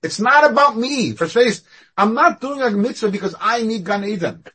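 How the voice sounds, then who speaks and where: Husky-voiced man teaching animatedly. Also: high-pitched, moderate pace. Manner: animated, with sudden rises and falls in loudness. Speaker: rabbi teaching a class. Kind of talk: online Torah class.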